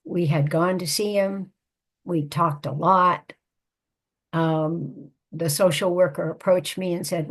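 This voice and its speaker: Older woman guest, husky lowish voice, recounting a personal story in an interview. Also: fairly even intonation. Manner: measured, reflective storytelling. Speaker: guest, psychotherapist and author.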